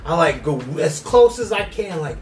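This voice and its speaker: A man's voice: a little high, moderate pace, echoey room, soft background music. Profane, rambling man on a podcast. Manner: rambling, profane, animated storytelling. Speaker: podcast co-host. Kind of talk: casual riffing chat.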